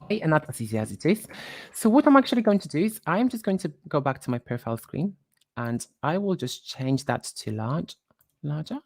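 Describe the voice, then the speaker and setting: A woman presenting a live software tutorial, talking while she clicks through screens and quickly corrects her own slips. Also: low-pitched, sing-song, no room sound, studio quality.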